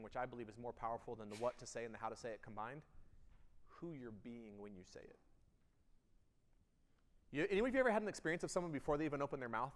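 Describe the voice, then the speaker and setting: A man giving an energetic keynote speech, emphatic, jumping between loud bursts and quiet intensity. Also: medium pitch. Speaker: keynote speaker. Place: event hall. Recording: long hall reverb.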